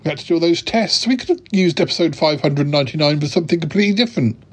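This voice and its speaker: Husky, exasperated male podcast host. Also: on the high side, animated, racing. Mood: indignant. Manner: exasperated, indignant. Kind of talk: comic audio sketch.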